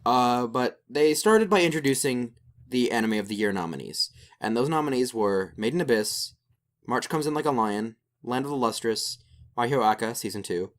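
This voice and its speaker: A young male co-host keeps the podcast chat casual and animated, rambling along with plenty of fillers. He has a mid-range voice and a moderate pace.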